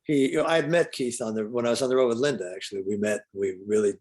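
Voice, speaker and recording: Older guy, a bit raspy, easygoing rock guitarist chatting as a guest. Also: mid-range voice, very fast. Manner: laid-back, warm storyteller. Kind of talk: relaxed interview storytelling.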